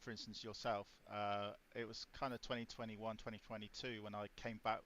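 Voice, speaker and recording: A man hosting a casual livestream chat, quiet on his microphone, his loudness jumping around. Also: lowish voice, little pitch movement, fairly quick, highs cut off, a little hiss or hum. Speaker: host.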